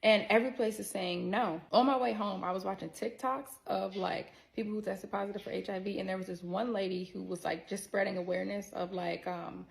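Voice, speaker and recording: A woman tells a personal story to her viewers in a chatty, expressive way. Her voice carries a gravelly vocal fry and sits at a middle pitch. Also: a little fast, few pauses. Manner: works in healthcare. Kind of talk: casual story-time monologue.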